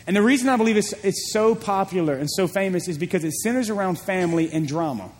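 A man with a high voice preaches a sermon in a church, retelling a story with animated energy and frequent repetitions. His voice rings out with a long hall reverb behind it. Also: quick pace. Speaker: pastor.

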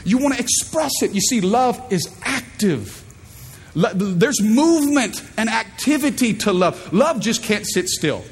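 A man's voice: sits high, expressive, measured pace, slightly rough. A man in his thirties preaching a sermon from a church stage, emphatic and calling out to the congregation. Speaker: pastor. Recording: long hall reverb, faint ambience.

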